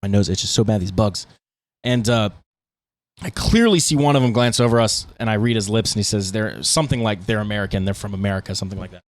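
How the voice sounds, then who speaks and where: A man co-hosting a podcast, telling stories in casual, rambling chat with lots of fillers. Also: fairly low pitch. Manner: fast, rambling storytelling with fillers. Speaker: podcast co-host, band guitarist.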